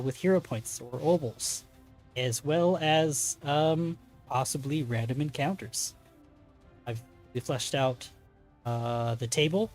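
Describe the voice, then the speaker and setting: A man hosting a tabletop stream as game master, chatting casually through announcements with many fillers and self-corrections. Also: mid-range voice.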